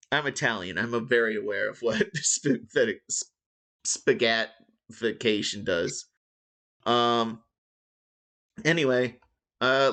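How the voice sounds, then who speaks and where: Slow, bright-voiced man running the game. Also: medium pitch. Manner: rambling, joking, many fillers. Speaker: dungeon master. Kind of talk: casual game-master narration.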